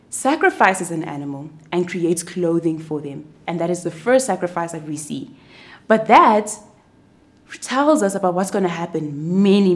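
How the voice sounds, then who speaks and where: A young woman teaching children's church, narrating a Bible story to kids in an animated, expressive way. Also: on the low side.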